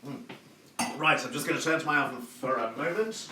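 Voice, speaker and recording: A man hosts a live cooking show from his home kitchen, talking a little fast at a medium pitch. He's chatty and gushing, full of praise words, and the recording has room echo, a distant mic and background noise.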